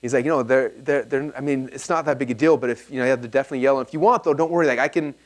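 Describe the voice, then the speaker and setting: Fast-talking man telling seminar stories. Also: mid-range voice. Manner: fast, animated storyteller acting out dialogue. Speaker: speaker at a live business seminar. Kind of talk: storytelling seminar talk. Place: event hall with a live audience.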